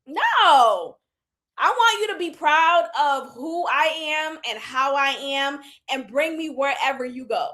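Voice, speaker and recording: A woman in her thirties giving candid, animated commentary on a reality show and laughing often. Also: sits high, slow. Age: 30s. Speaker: reality TV reviewer. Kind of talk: casual commentary.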